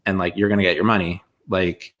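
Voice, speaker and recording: With a low voice that barely shifts in pitch, this podcast co-host talks fairly quickly in a fairly bright tone. He keeps the chat casual and rambling, full of fillers and laughs.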